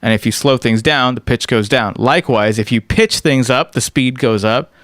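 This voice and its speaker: A man's voice: medium pitch, normal speed, a bit bright, no echo, studio quality. A man giving a casual screen-recorded music production tutorial. He explains step by step and often checks in with "right?".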